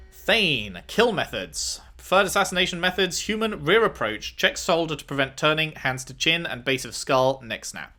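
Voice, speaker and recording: Guy doing let's play commentary, bright kinda high voice, reads stuff out loud and swears a lot. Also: very animated, normal speed, few pauses. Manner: swears freely, reads dossiers aloud and reacts with loud outbursts. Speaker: gameplay streamer. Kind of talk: let's play commentary reading in-game text aloud.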